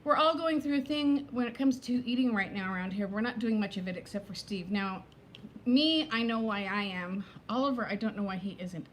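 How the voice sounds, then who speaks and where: A woman in her fifties hosting a casual live chat, talking fast between topics and greeting viewers by name. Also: medium pitch, slight background noise. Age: 50s. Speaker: livestream host.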